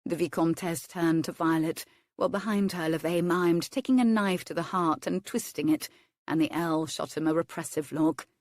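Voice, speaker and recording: A woman narrating a historical romance in a measured, lightly wry manner on a close studio mic. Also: on the low side, darkish tone, no room sound. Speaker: audiobook narrator.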